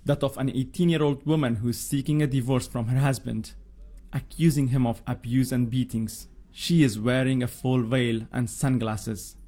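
A man delivering a scripted news report as a correspondent, in a measured, formal way. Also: medium pitch, fairly even intonation, mellow.

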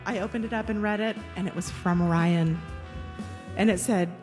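A woman's voice: mid-range voice, moderate pace. Woman telling a story over music. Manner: animated, amused telling. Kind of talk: personal story told on stage.

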